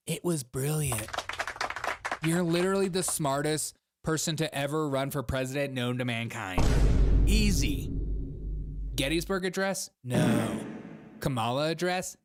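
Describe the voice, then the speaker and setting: A man with a voice on the high side hosts a live stream, chatting casually as he reads his viewers' messages aloud. He's sarcastic and mocking and laughs often.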